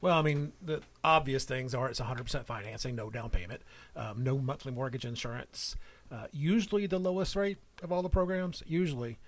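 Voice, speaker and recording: A man's voice: mid-range voice, brisk. A man, a mortgage professional guest, talking in a plainspoken, matter-of-fact way. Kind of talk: casual talk show chat.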